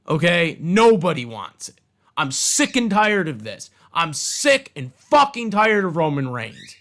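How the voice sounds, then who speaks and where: A man's voice: fairly high pitch, very animated, measured pace, fairly bright tone. A man ranting angrily about wrestling storylines, heated and profane, repeating himself for emphasis. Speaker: wrestling commentator ranting on his channel. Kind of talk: angry rant.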